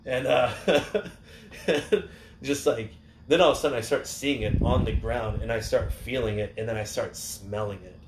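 Animated, swearing man in a roomy room. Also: mid-range voice, unhurried. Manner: animated, swears freely, loud when acting out scenes. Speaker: podcast co-host and wrestler. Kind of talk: casual storytelling. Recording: roomy studio with faint hiss.

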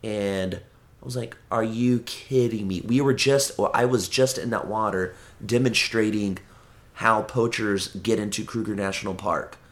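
A man's voice: fairly low pitch, fairly even intonation, a little slow, a bit bright. A man chatting as a podcast guest, rambling and swearing, often restarting his sentences. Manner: rambling and profane, with frequent restarts. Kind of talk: casual chat.

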